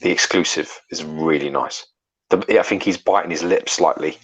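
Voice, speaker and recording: A man's voice: low voice, moderate pace, husky, rough recording. A man co-hosting a casual live stream, blunt and swearing heavily as he tells stories. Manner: blunt, heavy swearing, animated storytelling. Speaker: co-host.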